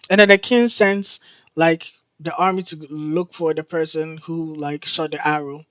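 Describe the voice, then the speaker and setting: A man hosting his show, casually recapping a TV episode in an excited, storytelling way. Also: a little high, a little slow, dry recording. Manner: excited storytelling, laughs and gasps in disbelief. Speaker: host.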